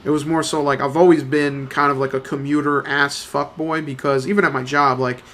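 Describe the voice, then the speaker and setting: A man's voice: on the high side, level tone, brisk, a bit bright. A young man in his twenties chatting casually, telling a rambling, profane story full of slang and fillers. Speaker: let's play commentator.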